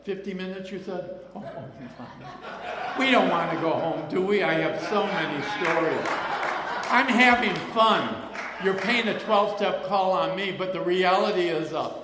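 Amid some background noise, an older man with a high-pitched, unhurried voice tells his personal story at a recovery meeting. He rambles in a chatty way with frequent laughter and repeated phrases, and the hall is echoey with long reverb.

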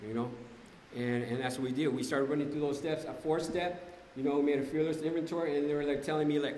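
A man's voice: a little high, steady tone, quick pace, mellow, a little hiss or hum. A man giving a conversational, emphatic personal testimony at a recovery meeting, often asking "right?". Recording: echoey hall, faint ambience.

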